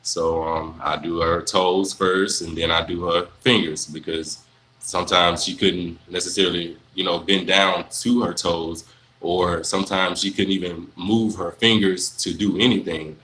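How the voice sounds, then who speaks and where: A young man, chatting casually on a livestream, answering viewers in a relaxed, rambling way full of fillers. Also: low-pitched, measured pace, a little hiss or hum, rough recording. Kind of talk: casual live Q&A chat.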